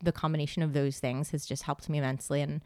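Chatty low-voiced woman, casual talk. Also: level tone, quick pace, darkish tone, dry recording, clean studio sound. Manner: chatty, storytelling with quoted asides. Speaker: podcast guest. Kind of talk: casual conversation.

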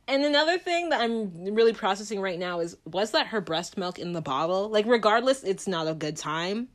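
A young woman giving a chatty, dramatic movie recap and laughing often. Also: on the low side.

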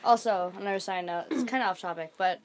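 A woman's voice: mid-range voice, fast, a little hiss or hum. A teenage girl co-hosting a casual podcast, rambling with lots of fillers and giggles. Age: teens. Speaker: podcast co-host. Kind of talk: casual chat.

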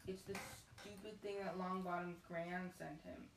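A woman voicing a spiteful, sneering schoolboy bully, quiet and slow, recorded in a roomy space from a distance. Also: lowish voice, flat delivery, lightly acted. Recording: roomy, distant mic, faint noise.

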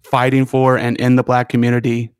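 A man co-hosting a podcast in casual chat, earnest and halting, often restarting his sentences. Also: mid-range voice, completely flat delivery, clean tone, no echo. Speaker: podcast co-host.

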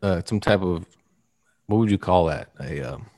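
A man's voice: low voice, moderate pace, mellow. A man hosting a casual podcast, rambling and joking with his co-hosts. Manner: rambling, joking, restarts a lot. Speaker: podcast host.

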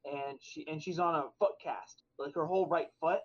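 A man's voice: on the high side, moderate pace. A young man co-hosting a podcast, telling stories in a rambling way with lots of fillers and restarts. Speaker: podcast co-host. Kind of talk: casual chat. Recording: dull lo-fi sound.

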